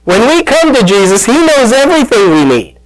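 A man's voice: very high voice, sing-song, a little fast, rough recording. A man preaching a sermon as pastor, retelling a story and acting out the voices in it. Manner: storytelling, acts out quoted voices, calls out to listeners.

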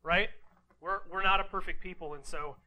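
A man preaching a sermon in a raised, bright voice with a sharp, forceful edge. He reads scripture aloud and then unpacks it casually. He keeps turning to his listeners with rhetorical questions and quick "right?" asides. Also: high voice, fairly even intonation, poor audio. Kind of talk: conversational sermon.

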